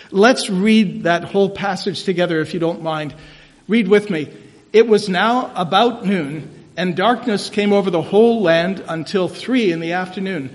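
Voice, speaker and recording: A man preaching a sermon as pastor, emphatic and rising to loud declarations, in a church sanctuary. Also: sits high. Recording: church hall reverb.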